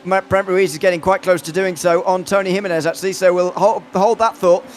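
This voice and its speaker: A man commentating an online sim race, chatty and self-deprecating, with quick asides. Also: sits high, steady tone, slight background noise.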